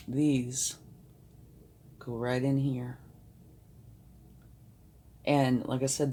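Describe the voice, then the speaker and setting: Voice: mid-range voice, mellow, a little hiss or hum. A tarot card reader giving a reassuring, emphatic reading, sometimes dropping to a whisper for emphasis.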